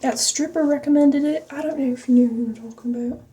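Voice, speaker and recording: In this casual get-ready-with-me chat, a vlogger rambles and jokes at her own expense, dropping into a fake country accent. Her high-pitched voice is mellow and quick, picked up from afar.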